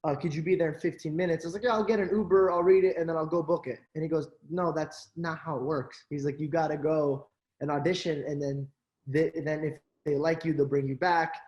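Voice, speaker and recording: A man's voice: a little high, fairly even intonation, fairly quick, darkish tone, reverberant, muffled recording. A young man as interview guest, telling stories animatedly with many fillers and acted-out quotes. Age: young adult. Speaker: interview guest, actor and social media creator. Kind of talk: casual interview storytelling.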